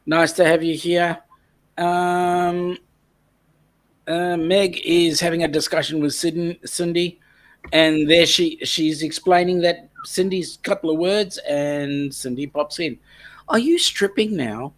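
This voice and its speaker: A man's voice: on the high side, steady tone, slow pace. A man co-hosting a casual live stream chat, teasing his guests and reading out viewer comments.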